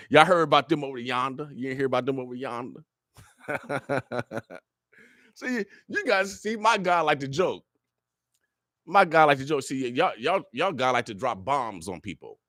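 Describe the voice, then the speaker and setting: A man's voice: on the high side, sharp tone, dry recording, clean studio sound. A man giving a fiery, preacher-like radio monologue full of repeated phrases. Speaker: radio show guest speaker.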